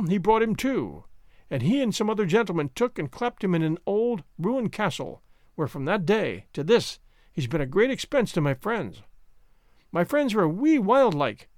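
Alan, a man doing a proud Highland gentleman. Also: sing-song, normal speed, dry recording, studio quality. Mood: formal. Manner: stiff-necked, wry, formal.

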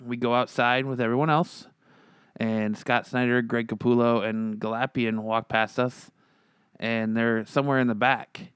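A man with a mid-range voice hosts a casual podcast. He tells stories animatedly and acts out other people's lines with sudden jumps in pitch. The recording is dry and close, with no room sound. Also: flat delivery, unhurried, a bit bright, smooth, dry recording. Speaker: podcast host. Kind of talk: casual chat and storytelling.

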